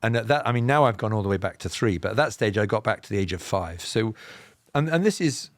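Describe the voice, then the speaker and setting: A man from England with a southern, BBC-style received pronunciation accent, telling personal stories as a podcast guest in a measured, explanatory way with self-deprecating humour. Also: on the low side, expressive, no echo, clean studio sound. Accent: Southern English, BBC-style received pronunciation. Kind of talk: reflective personal storytelling.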